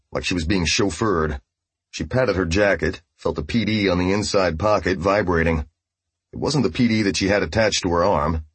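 Deep, husky male audiobook narrator. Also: no room sound. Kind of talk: scripted narration.

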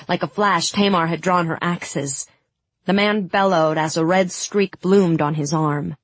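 A woman narrating a first-person fantasy audiobook in a measured way, giving the characters' lines some heat. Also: deep voice, breathy edge, no echo.

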